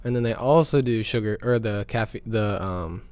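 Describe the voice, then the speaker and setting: A teenage boy with a fairly low voice talks casually into a podcast mic. His speech wanders, packed with fillers and restarts, in easy, friendly chat. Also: normal speed, darkish tone, clean tone. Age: teens. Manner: rambling, full of "like" and "um". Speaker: podcast guest or host. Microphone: podcast microphone.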